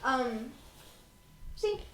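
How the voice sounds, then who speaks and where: A woman's voice: high-pitched, very animated, extremely slow, crowd noise. A woman co-hosting a podcast in casual chat, often breaking into giggles as she tells a story. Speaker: podcast co-host.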